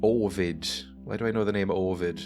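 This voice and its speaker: Low-voiced guy rambling through a game, jokey and chatty, faint music under it. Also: moderate pace. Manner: chatty, jokey, laughs often. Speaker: let's play gamer. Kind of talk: casual game commentary. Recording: music playing behind.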